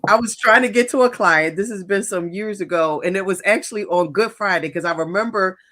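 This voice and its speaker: A woman co-hosting a talk show, telling a story in a lively way with frequent laughter. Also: mid-range voice, fairly quick. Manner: animated storyteller, laughs often. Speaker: co-host. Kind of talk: casual chat.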